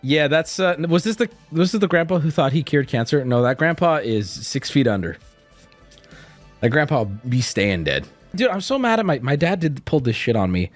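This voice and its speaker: A man's voice: on the high side, normal speed, faint music behind. A man streaming, telling stories in casual chat with lots of swearing. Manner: animated, profane storytelling.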